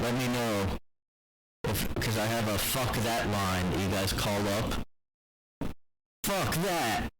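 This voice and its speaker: A man voicing an angry, loud male satellite-radio shock jock who rants with profane catchphrases. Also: mid-range voice, close to an everyday voice, low-quality recording. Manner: shouting, ranting, profane catchphrases. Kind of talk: mock radio show bit.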